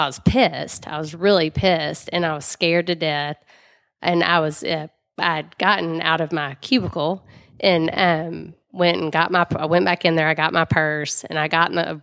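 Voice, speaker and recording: A woman's voice: deep voice, steady tone, moderate pace, creaky, fairly bright tone, smooth. A woman, chatting as an interview guest and telling a personal story with lots of fillers.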